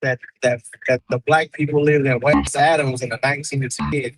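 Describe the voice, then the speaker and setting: A man's voice: mid-range voice, flat delivery, moderate pace, gravelly, a little hiss or hum, poor audio. A man speaking as a guest on a live panel, talking heatedly about history and swearing often. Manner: heated, swearing, repeats words. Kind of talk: casual profane chat.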